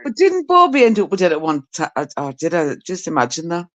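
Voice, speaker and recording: A woman's voice: on the low side, wildly swooping pitch, quick pace, fairly bright tone. A middle-aged woman from Britain hosting a live stream, telling stories in casual chat and mimicking the people in them. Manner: chatty and storytelling, mimicking people she talks about.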